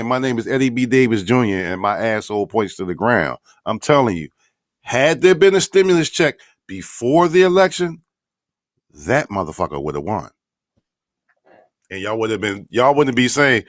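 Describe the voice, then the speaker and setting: A man's voice: medium pitch, dry recording, studio quality. A man hosting an online radio show, giving blunt, profane commentary with mocking asides.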